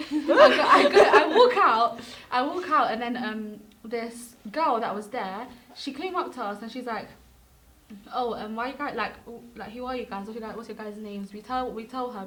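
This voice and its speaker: A woman's voice: fairly high pitch, moderate pace, slight background noise. A teenage girl, a student guest, telling a story in casual chat and acting out the quotes. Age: late teens. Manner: animated storyteller, acts out quotes.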